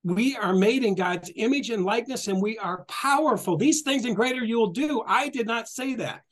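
A middle-aged man with a notably high voice gives a passionate spiritual talk. He is animated and repetitive, acts out the quotes he tells and laughs often. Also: moderate pace. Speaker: spiritual guest speaker.

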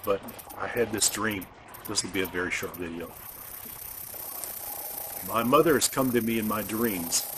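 A man speaking earnestly in a religious vlog monologue, halting and stressing words. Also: lowish voice, background noise. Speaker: video host.

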